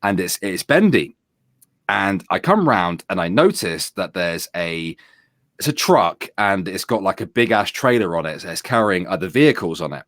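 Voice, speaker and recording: A British man in his thirties, co-hosting a stream and telling a rowdy story in casual chat, swearing freely and acting out his own shouting. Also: sits low, lively intonation, normal speed, no room sound, clean studio sound. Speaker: streamer and co-host.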